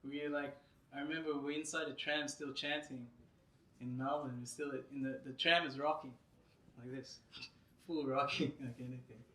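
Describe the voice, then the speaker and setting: Bright-voiced man telling stories in a lecture. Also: mid-range voice, moderate pace. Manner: lively storyteller, laughs often, frequent "you know". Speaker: lecturer at a devotional gathering. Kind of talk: anecdotal religious lecture. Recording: roomy hall from a distant mic.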